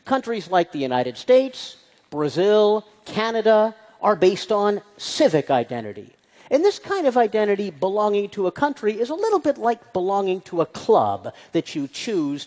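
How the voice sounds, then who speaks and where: Lively speaker giving a talk in a hall. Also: mid-range voice, a little slow. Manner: poses rhetorical questions, emphatic. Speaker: speaker addressing an audience. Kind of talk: public talk, lecture. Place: large hall with an audience.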